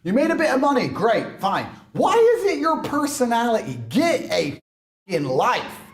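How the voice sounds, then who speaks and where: A man's voice: very high voice, wildly swooping pitch, normal speed. A man in a brash, mocking monologue, swearing often. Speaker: internet personality. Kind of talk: ranting monologue.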